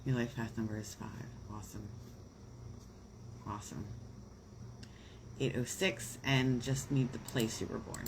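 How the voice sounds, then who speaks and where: A woman's voice: extremely low pitch, steady tone, a little slow, pauses often, noisy background. A woman giving astrology readings on a live stream, talking casually with many fillers and growing emotional about her viewers. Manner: warm, emotional, chatty with frequent fillers. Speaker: astrology reader on a livestream.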